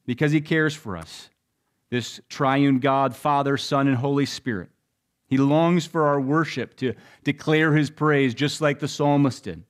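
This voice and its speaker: A man's voice: mid-range voice, a little slow. Pastor, young adult male, medium voice, storytelling sermon with dynamic delivery. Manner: storytelling, swings between loud and hushed.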